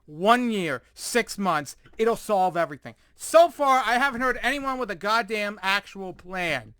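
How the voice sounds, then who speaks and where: A man's voice: high voice, lively intonation, measured pace, hardly any pauses, bright, forceful tone, no echo. A man ranting sarcastically in a commentary video, exasperated and profane, sighing often and repeating himself in frustration. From United States. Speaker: commentator reacting to news articles.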